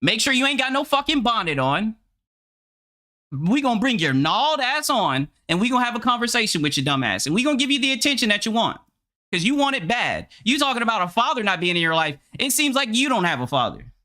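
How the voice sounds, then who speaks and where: Lively mocking streamer man. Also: high-pitched, fast talker. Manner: mocking, profane, animated. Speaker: streamer reacting to a podcast clip. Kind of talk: loud reaction commentary.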